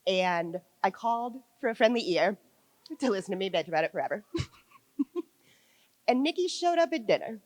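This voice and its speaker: A woman at a wedding reception giving a heartfelt toast to her friend, laughing softly between lines. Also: medium pitch, lively intonation, moderate pace, long pauses, no echo, rough recording.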